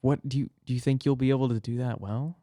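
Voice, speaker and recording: A man's voice: medium pitch, fairly even intonation, quick pace, warm tone. Man, podcast host, casual interview, rambling, hesitant, restarts questions.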